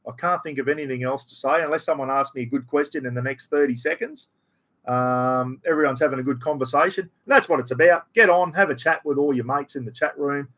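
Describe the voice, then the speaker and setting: A man's voice: mid-range voice, brisk, fairly bright tone. A middle-aged Australian man hosting a live stream, rambling in casual chat full of slang. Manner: rambling, chatty, ocker slang.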